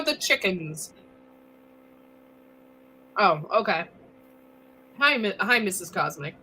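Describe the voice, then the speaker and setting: Chatty bright-voiced woman co-host. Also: medium pitch, very animated, slow pace, pauses often, a little hiss or hum. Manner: chatty, laughs often, says "like" and "dude"; chewing while talking. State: recovering from illness. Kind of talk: casual live-stream chat.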